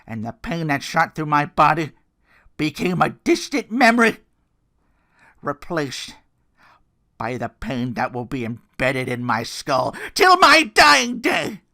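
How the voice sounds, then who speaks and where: A man voicing a grizzled wrestler who delivers a theatrical promo that swings between shouts and hushed lines. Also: a little high, wildly swooping pitch, slow pace, vocal fry, full character voice. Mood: dramatic. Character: grizzled male wrestler cutting a dramatic promo.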